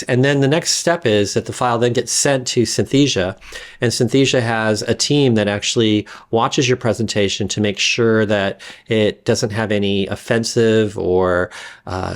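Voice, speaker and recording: A man explains software in a relaxed screen-recording lesson. His voice sits somewhat low, and he rambles, often pausing on fillers and starting sentences over. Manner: rambling, frequent fillers and restarts. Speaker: instructor demonstrating software. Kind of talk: casual screen-recording tutorial.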